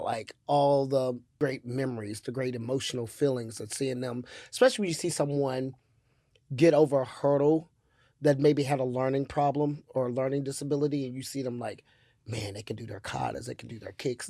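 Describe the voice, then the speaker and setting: A man's voice: mid-range voice, steady tone, brisk, dry recording, studio quality. A man, a martial arts instructor and podcast guest, talking enthusiastically in casual conversation. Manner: enthusiastic, warmly emphatic.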